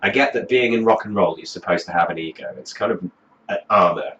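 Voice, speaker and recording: A man's voice: sits low, animated, fast, a bit bright, muffled recording. A man delivering a profane comedic rant as a music review host, swearing constantly in a mocking, exasperated way.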